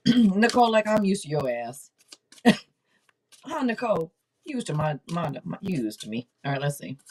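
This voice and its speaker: A woman in her forties chatting casually on a live tarot stream, loud and blunt, joking and swearing freely, her throat a little irritated. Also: on the low side, big pitch swings, normal speed, long pauses, a little hiss or hum.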